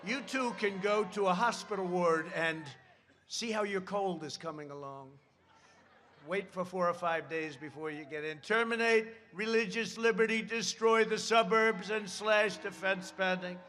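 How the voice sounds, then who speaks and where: A man giving a campaign rally speech at a podium microphone, rambling with sarcastic asides and shouted emphasis. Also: sits high, normal speed, slight background noise.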